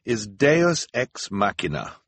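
Guy playing a nerdy earnest teen boy, lively husky voice, audiobook. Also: lowish voice, slow pace, no echo, heavily acted. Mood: explaining. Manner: earnest, explaining, slightly raised. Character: bookish earnest teenage boy. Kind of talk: audiobook narration.

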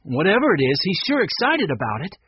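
A man voicing a steady, polite teenage boy who leads his siblings in a storybook reading. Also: high-pitched, fairly quick, slightly rough, no echo, dull audio, voice pushed up, heavily acted. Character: steady teenage boy, eldest brother and leader.

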